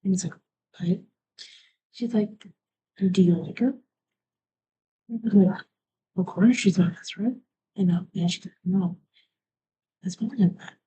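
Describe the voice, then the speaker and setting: A woman live streamer rambling through a story in a soft, half-whispered way, often trailing off. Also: mid-range voice, a little slow, long pauses, husky, lo-fi sound.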